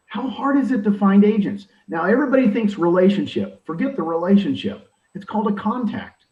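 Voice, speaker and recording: Emphatic older man, lively pitch, roomy distant sound. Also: a little fast. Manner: animated, emphatic, acts out quoted dialogue. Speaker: real estate recruiting leader. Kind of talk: energetic coaching talk. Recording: roomy, distant, dull audio.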